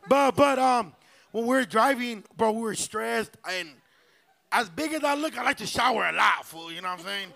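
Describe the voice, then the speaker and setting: A man's voice: extremely high pitch, animated, moderate pace, creaky, pushed and bright. A young man, co-hosting a podcast and telling a slangy, profane, rambling story on a live stage. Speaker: podcast co-host. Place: live pop-up show venue.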